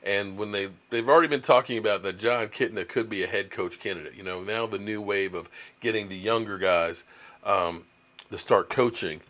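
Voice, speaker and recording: A man's voice: on the low side, normal speed, fairly bright tone. A middle-aged man, hosting a casual live stream, chatty and reading viewer comments aloud. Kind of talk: casual live stream chat about football.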